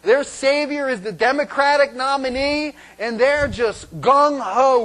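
A man delivers a sermon with a notably high voice and a playful, conversational manner. He punctuates his points with "right?" and "okay?" and breaks into loud imitations of cheering crowds. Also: measured pace, few pauses, low-quality recording. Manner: animated, acts out fans shouting and singing; rhetorical "right?" after points. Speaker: pastor.

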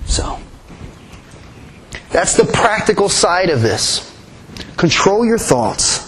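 High-voiced man preaching earnestly. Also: big pitch swings, slow, fairly bright tone, slightly rough, rough recording. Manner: earnest preaching, repeats key phrases. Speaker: pastor. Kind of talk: sermon.

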